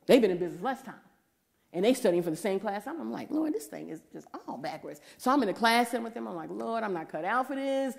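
A woman, giving a preaching testimony and acting out the voices in her story, sometimes rising to a shout. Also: medium pitch, animated, quick pace, creaky. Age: 40s.

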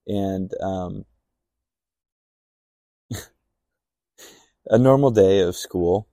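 A man's voice: fairly low pitch, mellow, no room sound, studio quality. A young man casually telling a personal testimony on a podcast, rambling with fillers and acting out remembered dialogue. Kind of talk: casual storytelling.

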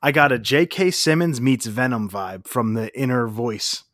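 A man's voice: mid-range voice, animated, moderate pace, a bit bright, dry recording, clean studio sound. A man co-hosting a casual chat, easygoing and self-deprecating. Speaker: podcast co-host.

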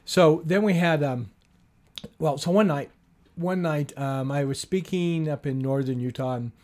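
A talkative man with a fairly light, slightly high voice. He tells his story in loose, casual conversation, moving from plain narration into quoted lines of dialogue. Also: a little slow, a little mellow. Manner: chatty, acts out dialogue with "she goes" and "I go". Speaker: guest telling a story.

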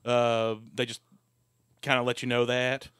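Smooth-voiced relaxed podcast man. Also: medium pitch, a little slow, no room sound, clean studio sound. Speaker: podcast host. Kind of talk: casual chat.

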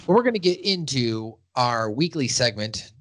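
A man's voice: mid-range voice, big pitch swings, moderate pace, fairly bright tone. A man hosting a casual podcast, joking around, plugging a sponsor and recapping a cartoon episode. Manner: loose, joking, reads sponsor plugs. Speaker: podcast host.

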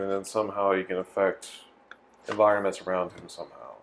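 A man speaking as a player in a tabletop role-playing game, giving measured in-character lines. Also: sits low, vocal fry.

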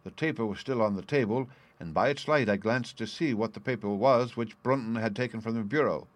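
A man narrating a classic story in the first person, reading in a measured, formal way. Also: mid-range voice, no room sound. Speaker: audiobook narrator.

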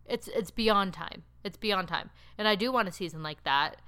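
A woman recapping a TV show in casual chat, rambling and animated with lots of filler words. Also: mid-range voice, moderate pace, smooth. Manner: animated, laughing storyteller. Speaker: TV recap podcaster.

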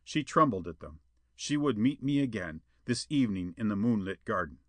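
A man reading a pulp adventure tale aloud as narrator, with an expressive storytelling manner. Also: on the low side, normal speed, dry recording.

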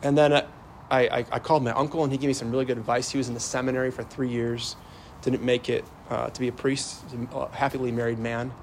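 A man's voice: medium pitch, little pitch movement, fast talker. Priest guy in his 30s giving a homily, chatty, lots of "like" and restarts, faint car noise behind. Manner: conversational, many fillers and repeated starts.

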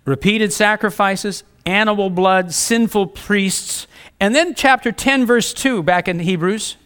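A man delivering a sermon in an earnest, direct way. His voice sits fairly high. He mixes scripture readings with plain-spoken asides to the congregation. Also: unhurried, a bit bright, clear, resonant tone. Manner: earnest, preaching with rising emphasis and repetition; reads scripture aloud, conversational asides. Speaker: preacher.

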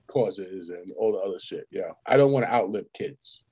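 A man's voice: low voice, moderate pace, a little mellow, slightly rough. A man co-hosting a podcast, joking around in casual banter and swearing freely. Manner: profane, joking, laughs often. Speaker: podcast co-host.

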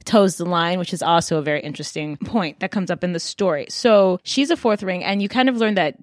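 A woman co-hosting a book club podcast, calmly explaining the story's world. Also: fairly low pitch, fairly quick, no echo, studio quality. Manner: calm, explanatory, adds short agreements. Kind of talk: casual book discussion.

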